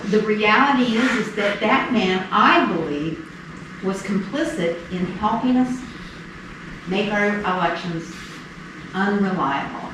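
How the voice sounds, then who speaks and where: A woman candidate giving an earnest campaign speech at a meeting, halting with fillers now and then. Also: medium pitch, expressive. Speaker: political candidate. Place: meeting room. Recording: echoey room, distant mic, noisy.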